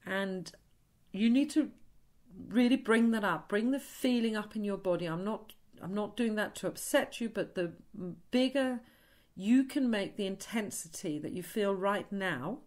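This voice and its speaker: A woman leading a guided tapping session in a slow, soothing, instructive way. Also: mid-range voice, darkish tone. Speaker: EFT tapping practitioner.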